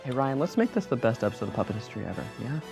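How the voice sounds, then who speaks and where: A man's voice: mid-range voice, big pitch swings, very fast. A man playing a contestant on a comedic history game show, joking around playfully, with music under his voice.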